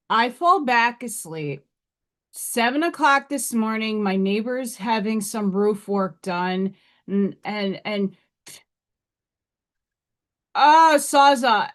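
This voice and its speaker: A woman hosts a casual live stream from home with a fairly high voice. She talks slowly and loosely, drifting into rambling asides and laughing often. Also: a bit bright.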